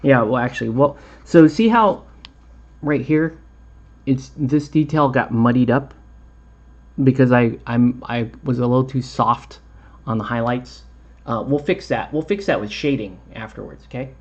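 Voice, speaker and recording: Rambling, easygoing male painting host who laughs a lot; average pitch, dull recording. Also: measured pace, breathy edge. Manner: rambling, chatty, laughs often. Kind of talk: casual chat while painting a tutorial.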